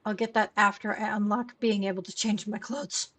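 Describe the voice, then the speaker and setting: A woman's voice: mid-range voice, steady tone, normal speed, fairly bright tone, distant mic. A young woman streaming a cozy game, chatting casually and reading the on-screen text aloud.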